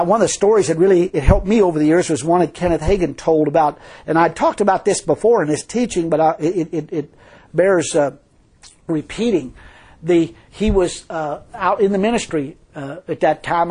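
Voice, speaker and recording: A man's voice: fairly high pitch, brisk, darkish tone, slightly rough. A man preaching a fervent sermon, telling a story and repeatedly crying hallelujah.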